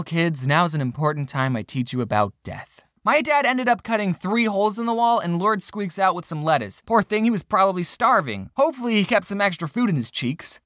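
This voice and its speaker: A young adult telling a scripted comic story, with deadpan jokes and sudden dramatic drops in pitch. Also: no room sound, studio quality. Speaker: storytime video creator. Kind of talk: scripted comedic storytime narration.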